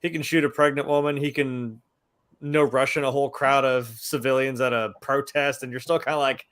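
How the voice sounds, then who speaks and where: A man's voice: medium pitch, steady tone, fairly quick, a bit bright, clean tone. A man in casual chat, enthusiastic, swearing casually and filling his talk with "like". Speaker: podcast co-host.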